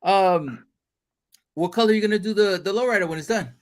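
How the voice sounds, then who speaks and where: A man's voice: sits high, a little fast. A man hosting a casual podcast chat, joking and teasing his guest with lots of swearing. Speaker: podcast host.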